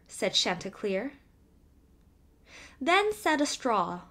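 A woman reading a fairy tale aloud as an audiobook narrator, in an expressive storytelling voice. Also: fairly high pitch, takes it slowly.

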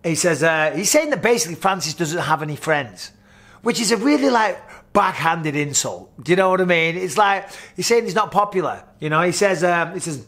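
A man's voice: high-pitched, expressive, brisk, a bit bright. A middle-aged man, a former fighter, giving blunt, casual commentary and swearing freely.

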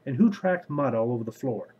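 A man's voice: mid-range voice, expressive, brisk, dull audio, a little hiss or hum, lightly acted. A man reading the lines of a sulky, complaining younger brother in a fantasy story.

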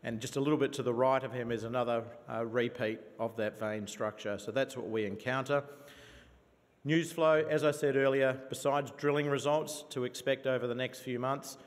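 A man's voice: medium pitch, fairly even intonation, normal speed. A man with a New Zealand accent giving an enthusiastic investor conference presentation, with many fillers and restarts. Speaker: company presenter. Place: conference venue. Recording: reverberant conference hall.

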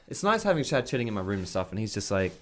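Low-voiced man talking through his game. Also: big pitch swings, very fast, a little hiss or hum. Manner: chatty, loose, swears freely. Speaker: gaming commentator. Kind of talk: casual gameplay commentary. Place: bedroom at home. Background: keyboard and mouse clicks.

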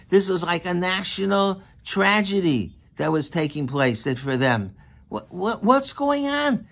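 A man giving a sermon as a rabbi, speaking in an animated, emphatic way and often repeating himself. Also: a little high, gravelly. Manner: animated, emphatic, with frequent repetition.

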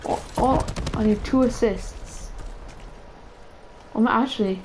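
Excitable young gamer, high voice, gunfire behind. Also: male voice, slow, noisy background. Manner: excitable, chatty, talks to viewers as "boys". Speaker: gaming video creator. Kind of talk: live gameplay commentary. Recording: game sounds loud under voice. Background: gunfire and game announcer.

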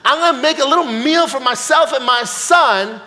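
A man voicing a tough, defiant widowed woman with a brash New Jersey accent, talking rough and streetwise. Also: very high-pitched, normal speed, pushed and bright, voice pushed up. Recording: long hall reverb, church sanctuary.

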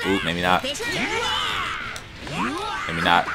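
A man giving casual, frustrated commentary on his gameplay, swearing and jumping into high-pitched yelps when things go wrong. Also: level tone, very slow. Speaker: gaming YouTuber. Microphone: desktop USB microphone. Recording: game music behind voice.

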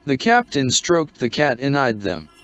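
A man reading a short story aloud in a measured, scripted narration. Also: medium pitch, sing-song, a bit bright, clean tone. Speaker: audiobook narrator. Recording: dry, dull lo-fi recording.

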